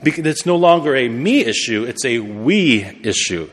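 A man's voice: medium pitch, lively intonation, moderate pace. A man preaching a sermon in a conversational way, correcting himself and laughing at his own remarks. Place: church. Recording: long reverb of a church hall.

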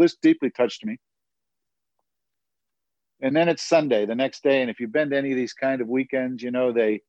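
A man's voice: medium pitch, darkish tone, no echo, muffled recording. A man giving a personal faith testimony, telling his story earnestly with occasional laughs and asides.

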